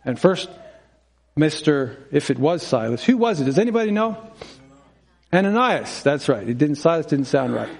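Male preacher, high pitched voice, chatty sermon delivery with frequent chuckles and questions to the room. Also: very animated, moderate pace, gravelly, darkish tone. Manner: conversational, acts out dialogue, asks congregation questions; chuckles often.

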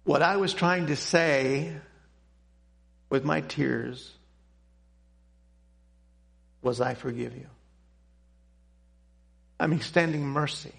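Gravelly older man, earnest testimony. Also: fairly high pitch, fairly bright tone. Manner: earnest, halting, with frequent pauses and restarts. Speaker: Christian speaker giving a testimony. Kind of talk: personal testimony storytelling.

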